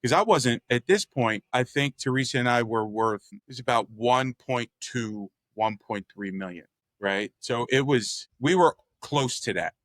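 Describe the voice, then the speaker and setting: Slightly slow and medium in pitch, a Philadelphia-area man who works as an artist and real estate developer tells stories as a conversation guest. He's candid, animated, acts out quoted voices and uses mild profanity, all in a dry recording.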